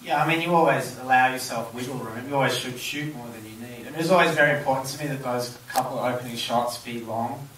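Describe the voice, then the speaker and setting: A man's voice: medium pitch, fast talker, few pauses, fairly bright tone, a little hiss or hum. A film director at a live audience Q&A, answering thoughtfully and searching for his words. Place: cinema auditorium. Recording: roomy hall, distant mic.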